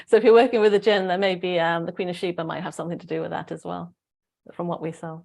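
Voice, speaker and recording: Welsh woman, low voice, rambling chat. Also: fairly even intonation, fast talker, gravelly, a little mellow. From Wales. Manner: rambling, searching for words, frequent restarts. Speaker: host. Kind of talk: casual spiritual group chat.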